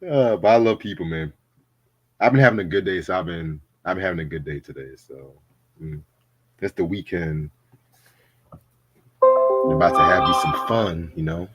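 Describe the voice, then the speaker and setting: A man's voice: deep voice, fairly quick, highs cut off, music in the background. A man hosting a casual livestream chat, laid-back and slangy, laughing often. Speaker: podcast host.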